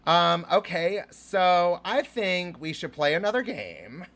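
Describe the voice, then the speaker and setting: A man's voice: sits high, lively intonation, slow, fairly bright tone. A man hosting a live-streamed show as a drag persona, gushing and casual, with lots of fillers and swearing.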